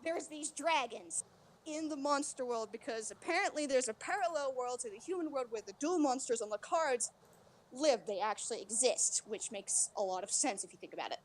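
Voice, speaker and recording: A woman livestreamer chatting casually while she plays, rambling in an animated way and swearing freely. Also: high-pitched, normal speed, slight background noise. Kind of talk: casual chat while streaming a game. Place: home streaming setup.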